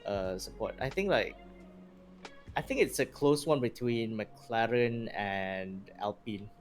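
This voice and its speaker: A man's voice: lowish voice, takes it slowly, faint music behind. A young man, chatting casually on a podcast, rambling with lots of fillers and laughs. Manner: rambling, animated, laughs often, filler-heavy. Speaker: guest streamer.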